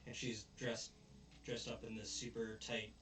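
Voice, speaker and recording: A man's voice: on the low side, little pitch movement, unhurried, fairly bright tone, soft background music. A man casually retelling an anime episode as a show host, rambling and briefly putting on character voices. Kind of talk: casual recap chat. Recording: roomy, distant mic with faint noise.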